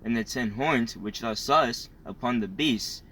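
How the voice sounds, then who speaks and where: Man reading bible verses out slow and formal, says the chapter and verse first, normal pitch. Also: fairly bright tone, slight background noise, poor audio. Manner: measured, announces book, chapter and verse before reading. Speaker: scripture reader.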